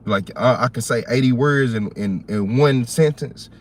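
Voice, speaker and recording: A man with a Southern US accent hosting a livestream, chatting casually in a rambling, animated, slangy way. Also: medium pitch, moderate pace, slight background noise. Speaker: livestream host.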